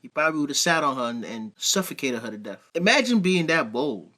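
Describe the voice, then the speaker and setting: Animated, bright-voiced man reacting to clips. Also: fairly high pitch, fairly quick. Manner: animated, emphatic, blunt. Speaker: reaction video host. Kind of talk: casual commentary.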